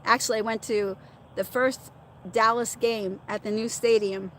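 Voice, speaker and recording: On a casual livestream, a middle-aged host reads viewer chat, laughing and chatting as she answers people by name. Her fairly bright voice is on the high side, with fairly even intonation and a moderate pace, over a little hiss or hum.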